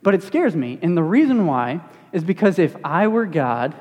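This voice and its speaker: A young man, a student pastor, giving a casual, conversational sermon in a church, animated and self-deprecating. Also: a little high, moderate pace. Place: church sanctuary. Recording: long hall reverb.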